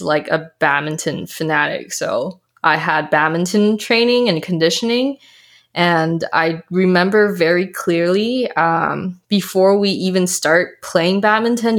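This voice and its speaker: A young adult woman, a health coach, chatting in an interview and acting out quotes from her past. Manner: animated storyteller, acts out quotes in a higher voice. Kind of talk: casual interview chat.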